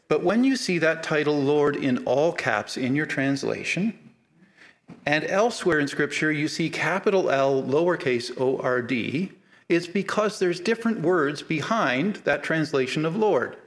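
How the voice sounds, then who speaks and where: A man's voice: a little high, expressive, measured pace. A man preaching a sermon to a live congregation, talking casually with humor and building to emphatic repeated phrases. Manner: conversational, building emphatic repetition.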